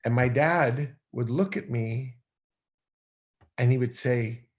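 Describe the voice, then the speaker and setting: A middle-aged man, a podcast guest, telling a personal story in a rambling, animated way with many restarts. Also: mid-range voice, takes it slowly. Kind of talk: storytelling in conversation.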